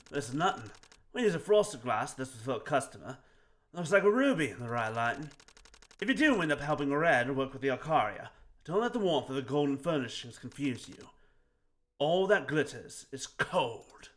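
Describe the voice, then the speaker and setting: A man's voice: mid-range voice, expressive, normal speed, fairly bright tone, close to an everyday voice. A man voicing a worldly male bartender with a put-on accent, sardonic and knowing.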